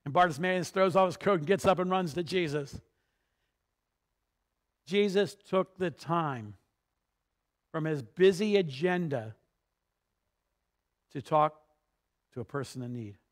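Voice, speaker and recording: A man with a fairly high voice preaches a sermon. He tells the story with energy and climbs to loud, emphatic moments. He also drops to quiet, low passages. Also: a little slow, long pauses. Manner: storytelling, rising to emphatic peaks. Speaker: pastor.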